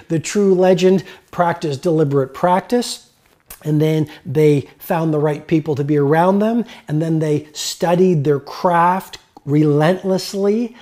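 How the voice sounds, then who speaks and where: Man, motivational lecture, mellow tone, earnest, emphatic, repeats key lines. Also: a little high. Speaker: motivational speaker.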